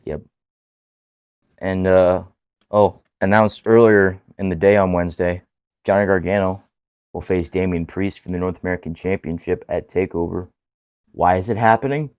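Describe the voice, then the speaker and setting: A man with a very low voice chats casually on a podcast, eager and gushing. His voice comes through dry and a little dull, like a lo-fi home recording. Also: normal speed, clear, resonant tone, dry recording. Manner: excitable, gushing fan talk. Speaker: podcast co-host. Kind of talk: casual chat. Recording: dull lo-fi sound.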